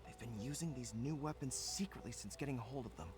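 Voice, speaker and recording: A man's voice: medium pitch, quick pace, over music, natural voice. An actor playing a dutiful young male general in a video game, reporting earnestly. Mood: serious.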